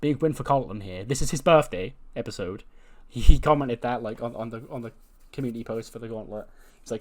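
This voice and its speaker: A man's voice: medium pitch, fairly quick, a little mellow. A man casually commentating on a game session in a chatty way, laughing and swearing now and then. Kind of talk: casual let's-play commentary.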